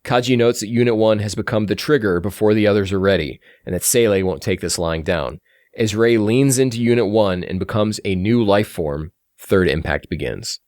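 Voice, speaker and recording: A man hosting a podcast, giving an animated, enthusiastic plot recap in casual chat. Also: lowish voice, moderate pace, no echo, studio quality. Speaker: podcast host recapping a film.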